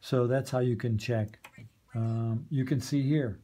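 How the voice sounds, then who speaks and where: A man's voice: mid-range voice, fairly even intonation, measured pace, dark tone, slight background noise. A man training volunteers on a community radio studio's soundboard, patiently checking understanding as he goes. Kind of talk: hands-on training walkthrough.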